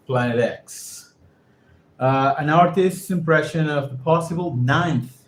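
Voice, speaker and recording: A man's voice: mid-range voice, animated. A man whose first language is Spanish reads an article aloud for English practice, stopping often to repeat words and check how they are pronounced. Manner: halting, stops to repeat words and check pronunciation. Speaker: English learner reading aloud. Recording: roomy echo with faint background noise.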